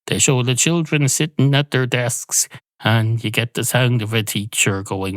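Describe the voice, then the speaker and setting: A man, hosting a podcast with a musing, deadpan comic monologue that wanders off on tangents. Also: fairly low pitch, moderate pace, dry recording. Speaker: podcast host.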